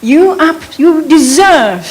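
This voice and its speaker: Lady in her 70s, high voice, talking from the floor at a meeting, rambly and heartfelt, a bit far from the mic. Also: sing-song, slow pace. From Bermuda. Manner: earnest, rambling, with restarts. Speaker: audience member speaking at a meeting. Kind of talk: emotional personal testimony.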